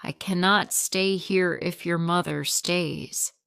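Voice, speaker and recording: Stern thirties husband, woman reading, blunt, low and slow. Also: steady tone, gravelly, a bit bright, clear, resonant tone, no room sound, clean studio sound, full character voice. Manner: blunt, demanding.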